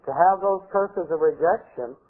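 A man preaching a sermon as a pastor, telling stories in a folksy, animated way, on a tinny lo-fi recording. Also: fairly high pitch, moderate pace. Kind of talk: storytelling sermon.

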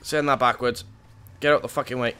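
Male game host, excitable, yells then mutters, bright voice. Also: medium pitch, a little fast, smooth. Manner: excitable, swings from muttering to yelling. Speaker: gaming channel host. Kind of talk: co-op gameplay commentary.

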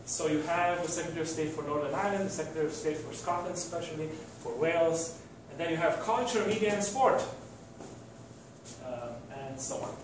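A man's voice: a little high, brisk. Man, university lecturer, hesitant with fillers, very reverberant hall, distant mic, faint room noise. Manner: hesitant, many fillers and restarts. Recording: very echoey room from far off.

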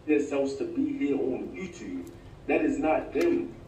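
A man's voice: mid-range voice, lively intonation, measured pace, warm tone, far from the mic. A man gives casual commentary in a dismissive, sarcastic tone. He sounds set back from the mic in an echoey space, with a faint hiss behind him. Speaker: YouTube commentator in a played clip.

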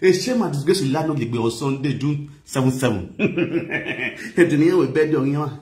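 A man talks in a playful sing-song, slipping between languages and chanting phrases over and over. His voice sits a little high for a man. The room around him is echoey. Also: a little slow, a little mellow. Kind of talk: casual livestream chat with singing and chanting.

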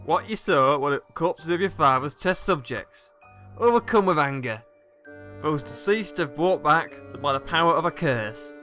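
A man voicing a sinister male salesman who speaks in a suave, deliberate way. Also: a little high, animated, bright, forceful tone, soft background music. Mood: ominous.

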